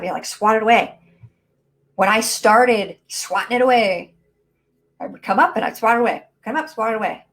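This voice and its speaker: A woman coaching viewers in an emphatic, rallying live talk, speaking straight to her audience through a low-quality mic. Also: steady tone, brisk, gravelly. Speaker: mindset and business coach. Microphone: low-quality built-in mic.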